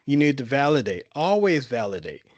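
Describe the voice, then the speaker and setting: A man with a Southern twang gives a relaxed, folksy talk with a lot of rise and fall in his pitch. He speaks in casual, informal phrasing and repeats himself now and then. The sound is dry and close. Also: moderate pace, dry recording, muffled recording. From the Carolinas. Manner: folksy, repetitive, informal grammar. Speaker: guest speaker. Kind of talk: conversational presentation.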